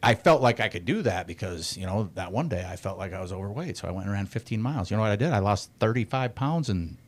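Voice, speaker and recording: A man's voice: on the low side, animated, fast talker, dry recording. A man in his forties talking candidly as a podcast guest, blunt and profane but reflective about emotions. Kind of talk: candid casual chat.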